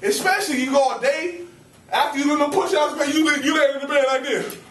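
A young man preaching a lively, playful sermon to a campus ministry, calling out questions to his listeners. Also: very high voice, fast. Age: young adult. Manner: animated, playful, calls to the audience. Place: campus ministry meeting room. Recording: roomy hall, mic at a distance.

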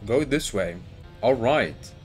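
Young male gamer, mid-pitched voice, nervous running commentary over faint game music. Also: animated, slow. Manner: panicky, talks to the game character and the monster. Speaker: gaming YouTuber. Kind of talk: let's play commentary.

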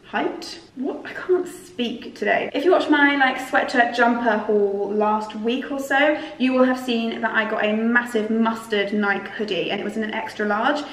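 A chatty British woman in her twenties talks through a clothing haul at home, bubbly and quick to poke fun at herself. Her voice sits a little high. She is recorded in an echoey room, somewhat away from the mic. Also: a bit bright, recorded from a distance. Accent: British English. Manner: chatty, bubbly, self-mocking asides. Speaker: fashion vlogger. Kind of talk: casual try-on haul chat. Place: home room, seated by a sofa.

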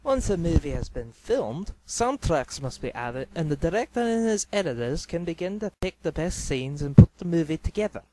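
Brief: male cartoon narrator, high and lively, explains steps, light hiss. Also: normal speed, few pauses.

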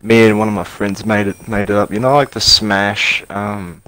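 A man's voice: lowish voice, level tone, normal speed, bright, forceful tone, low-quality recording. A young man streaming a game, chatting casually and joking with rambling fillers. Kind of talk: casual gaming chat.

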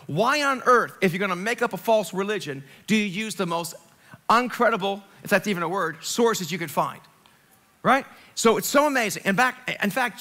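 Pastor, male, from Long Island: high, bright, lively sermon voice, chatty with asides. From Long Island, New York. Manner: animated and conversational, jokes and asides, swings from loud to hushed. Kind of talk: Easter sermon. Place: church sanctuary, live service.

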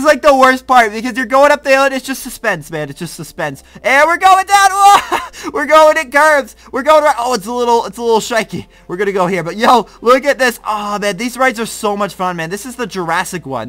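A young man with a bright, high voice gives slangy, excitable let's-play commentary. He reacts loudly and laughs often, with faint game music underneath. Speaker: gaming YouTuber.

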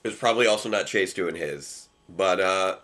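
A man's voice: low-pitched, normal speed, a bit bright. A young man co-hosting a casual reaction chat, rambling and restarting his sentences and laughing often. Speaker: co-host reviewing episodes.

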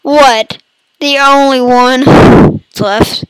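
A woman talks over her gameplay in a high, hoarse voice that keeps catching on a cough. She is playful and chatty, tossing jokey asides to her viewers at an unhurried pace. Her mic is close and dry. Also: fairly even intonation, no echo, low-quality recording. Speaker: gaming YouTuber. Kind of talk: casual let's-play commentary. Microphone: computer mic.

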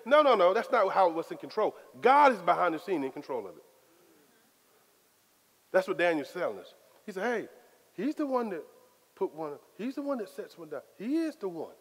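A man preaching a sermon as pastor, in a lively, conversational style full of casual Southern phrasing. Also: high voice, moderate pace. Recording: long hall reverb.

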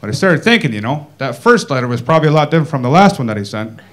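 A Canadian man doing a stand-up comedy set in a club, folksy and deadpan, tagging his lines with "eh?". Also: mid-range voice, racing. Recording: live club set with audience laughter. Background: crowd laughter.

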